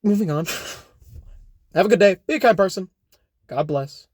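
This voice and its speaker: Speaking fairly quickly, this young adult YouTuber has a high-pitched, slightly mellow voice with lively intonation. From home, he rambles through an off-the-cuff comedic vlog, cracking jokes, correcting himself, and tacking on "all right?" often; the studio-quality recording has no room sound.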